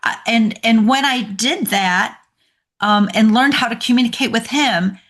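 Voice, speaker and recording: A woman coach, a guest on a podcast interview, telling stories in an animated way and laughing often. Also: a little high, a little slow.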